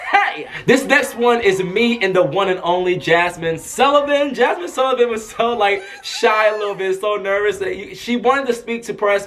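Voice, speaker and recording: A young man telling a casual story to camera as a vlogger, animated and chatty, acting out what people said. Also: sits high. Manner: animated, chatty, acts out quotes in a raised voice. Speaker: vlogger and press escort.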